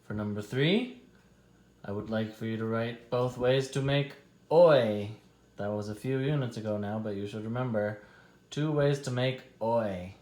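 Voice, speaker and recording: A man teaching a class, dictating a spelling test slowly and deliberately, stretching out each test word. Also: lowish voice, darkish tone, reverberant.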